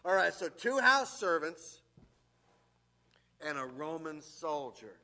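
A man delivers a sermon in a high, bright voice with a forceful edge. He reads scripture passages, then breaks off for wry, joking asides. He grows louder and more emphatic as he presses his points. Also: very animated, slow. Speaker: pastor.

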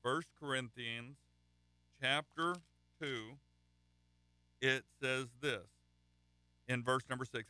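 A man's voice: mid-range voice, fairly even intonation, slow, pauses often, bright, forceful tone, clean tone, no room sound. A man preaching a sermon in a conversational way, reading scripture and then telling folksy stories, often restarting his phrases.

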